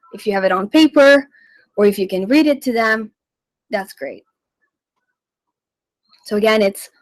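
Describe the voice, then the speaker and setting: Slow, patient woman teaching on radio. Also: on the high side, no room sound, rough recording. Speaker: radio language segment host. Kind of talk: radio language lesson. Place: radio studio.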